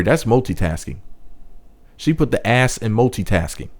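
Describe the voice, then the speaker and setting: A man with a fairly low voice reads a news item aloud, then keeps cutting in with crude jokes and heated asides. His delivery is blunt and sarcastic, swinging between mocking wisecracks and angry lectures. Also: lively intonation, normal speed, darkish tone. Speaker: video commentator. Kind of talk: reading a news story aloud and interrupting it with commentary.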